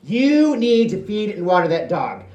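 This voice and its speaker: Man playing a shrill, bossy big sister. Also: big pitch swings, unhurried, lo-fi sound. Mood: bossy yelling. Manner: loud, shrill yelling. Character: bossy nagging teenage older sister. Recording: echoey hall, distant mic.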